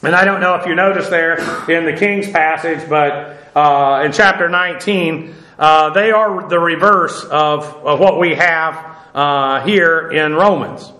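A man teaching a verse-by-verse Bible lecture in a conversational way, halting with fillers and restarts and dropping dry asides. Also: fairly high pitch, sharp tone, echoey room, poor audio.

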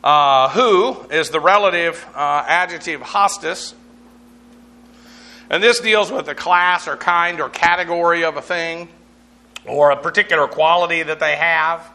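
Bright-voiced man teaching Bible Greek. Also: fairly high pitch, unhurried. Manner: explains Greek words, spells them out letter by letter; conversational, frequent uh fillers and restarts.

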